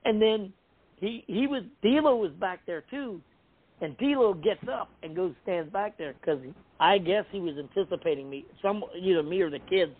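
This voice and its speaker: A middle-aged man with a fairly high voice tells an embarrassing story in a casual chat. He laughs often and acts out the lines of the people in it. The sound is thin and tinny, like a phone line. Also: normal speed. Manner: animated, laughing, acts out quotes.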